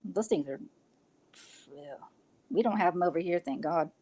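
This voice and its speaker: A woman's voice: on the low side, normal speed, mellow. Chatty woman with a slight Southern lilt. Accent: slight Southern-sounding lilt. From California. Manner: chatty, blunt, swears casually. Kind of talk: casual chat.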